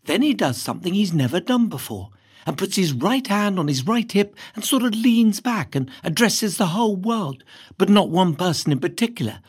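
A woman reading a first-person novel aloud in a lively, cheeky storytelling manner. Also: medium pitch, moderate pace, breathy edge. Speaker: reader.

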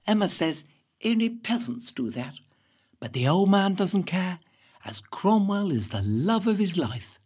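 Husky woman reading wryly. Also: low voice. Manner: lively, wry, expressive. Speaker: reader. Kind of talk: reading a first-person memoir aloud.

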